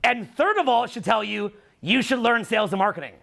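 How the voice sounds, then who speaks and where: A man's voice: very high voice, expressive, a little fast, creaky, fairly bright tone. A middle-aged Canadian man with a Canadian accent giving a live seminar talk, profane and teasing. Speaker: seminar speaker.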